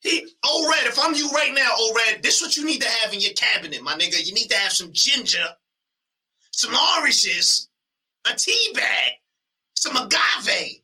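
A man co-hosting a casual battle rap podcast, animated and often yelling in mock disbelief, speaking. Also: very high voice, a little slow, distant mic, low-quality recording. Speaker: podcast co-host.

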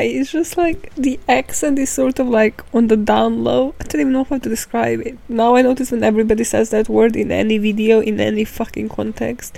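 A woman's voice: fairly high pitch, steady tone, moderate pace, gravelly, few pauses, warm tone, low-quality recording. A woman hosting a true crime podcast, telling the case in a casual, chatty and irreverent way, swearing and filling her talk with "like".

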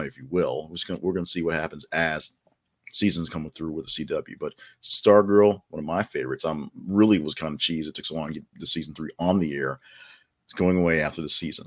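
A man hosting a daily news podcast, giving casual commentary with many fillers and joking asides. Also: low voice.

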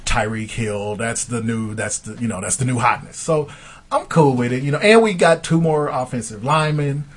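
A man talking sports and telling stories in a relaxed chat with friends, laughing often. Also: mid-range voice, moderate pace. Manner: animated storyteller, laughs often. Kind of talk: casual chat.

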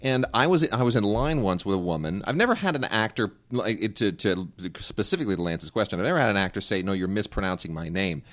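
A man's voice: on the low side, very animated, fast talker, few pauses, fairly bright tone. A man co-hosting a podcast in casual chat, telling stories animatedly, repeating words and mimicking how names are said. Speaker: podcast co-host.

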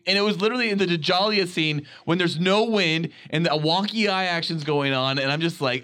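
A man's voice: fairly high pitch, expressive, quick pace, bright, forceful tone. A man co-hosting a podcast in casual chat, ranting and swearing as he acts out other people. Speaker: podcast co-host.

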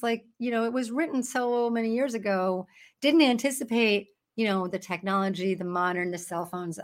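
A woman hosting an online Bible study, preaching in a chatty, emphatic way into her phone. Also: a little high. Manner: chatty and emphatic, breaks into laughs and mock voices. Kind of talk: casual preaching to camera.

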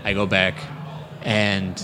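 A man's voice: low voice, completely flat delivery, slow, pushed and bright, a little hiss or hum. A young man, a wrestler, telling a story in a casual interview, rambling with lots of fillers and acting out quotes. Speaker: professional wrestler.

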